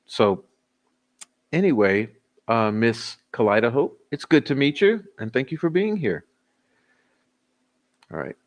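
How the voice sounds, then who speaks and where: A medium-pitched livestream host with lively intonation speaks at normal speed but pauses often while signing off a casual chat. Tipsy and giggly, he banters with the chat and laughs frequently.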